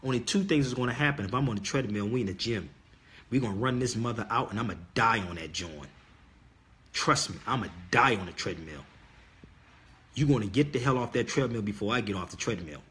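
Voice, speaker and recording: A man's voice: lowish voice, a bit bright. A middle-aged man hosting a livestream, talking straight to his viewers in an emphatic, insistent way and repeating his key words like a sermon. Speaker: livestream host. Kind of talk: casual preaching monologue to viewers.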